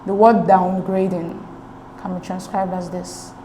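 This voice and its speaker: Woman, exam tutor, low-ish voice, patient step-by-step explainer; roomy echo, light background hiss. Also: level tone, a little slow. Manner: patient, step-by-step, checks with "okay?". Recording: echoey room with faint noise.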